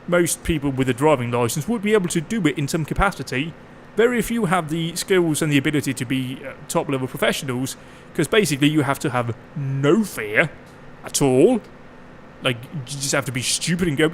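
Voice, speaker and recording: A gameplay streamer plays a farming game while chatting casually, cracking jokes, swearing freely and slipping into quick mock voices. His voice is fairly high and animated, with slight background noise.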